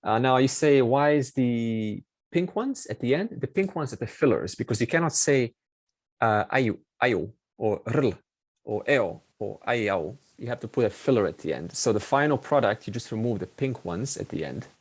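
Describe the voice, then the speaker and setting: A man's voice: medium pitch, lively intonation, fairly quick. A man teaching a Sanskrit class online, explaining step by step and repeating key words with many fillers.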